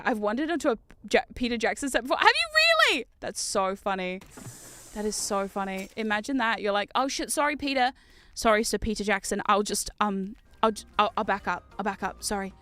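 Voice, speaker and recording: A woman's voice: a little high, fairly bright tone, clear, resonant tone, no room sound. A woman from New Zealand with a New Zealand accent, chatting casually and playfully with her viewers while she streams a game. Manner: playful, giggly, talks to chat. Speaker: VTuber streamer. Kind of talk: casual chat while gaming.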